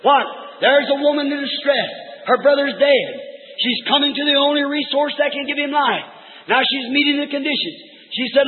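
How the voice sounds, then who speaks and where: Male preacher, very high voice, fervent and shouting; old phone-thin recording. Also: fairly quick. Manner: fervent, rhythmic, bursts into shouts. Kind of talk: revival sermon. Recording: tinny old lo-fi recording in a reverberant hall.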